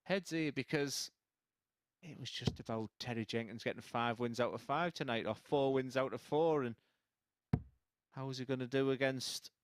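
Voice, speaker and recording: A man's voice: medium pitch, moderate pace, dry recording. A man giving live darts commentary, chatty and opinionated, teasing his co-commentator from the commentary box.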